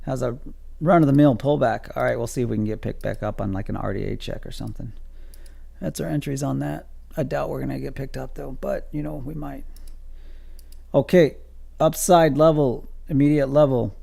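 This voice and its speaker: Gravelly-voiced joking man trader. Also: mid-range voice, a little fast, mellow. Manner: joking, self-amused, talks to viewers. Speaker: futures day trader streaming live. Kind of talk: casual live-stream trading commentary.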